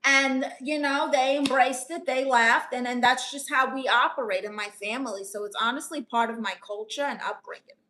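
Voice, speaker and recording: A woman's voice: sits high, fairly even intonation, moderate pace, hardly any pauses, pushed and bright. A woman with a New York accent on a live stream, reading viewers' comments aloud and answering them as a chatty, playful aunt who calls people honey. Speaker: live streamer giving advice.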